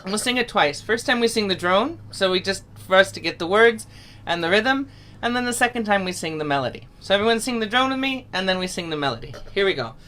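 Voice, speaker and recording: A woman leads an online singing lesson, explaining calmly and step by step. Her voice is bright and forward. Now and then she breaks into loud, open folk singing for the class to copy over the video call. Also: mid-range voice, quick pace. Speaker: singing teacher.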